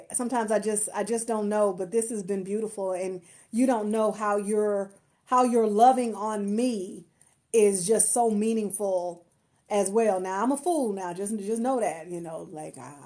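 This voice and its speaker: A woman with a medium-pitched, slightly mellow voice runs a casual phone live stream as a marketer and empowerment coach. Grateful and effusive toward her viewers, she laughs a lot and frequently restarts her sentences.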